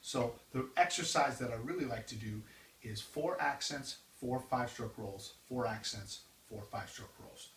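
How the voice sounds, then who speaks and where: A man's voice: medium pitch, normal speed, background noise. Man teaching drum rolls, roomy distant sound. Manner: counts off exercises loudly between explanations. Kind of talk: instructional demonstration. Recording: roomy, distant mic with loud drumming. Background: drums.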